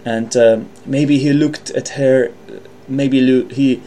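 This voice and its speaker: Slow and steady, with a medium pitch and dark tone, an English teacher hosts his podcast on vocabulary. He sounds hesitant, thinking aloud in a loose way, often saying um and correcting himself while partly reading notes.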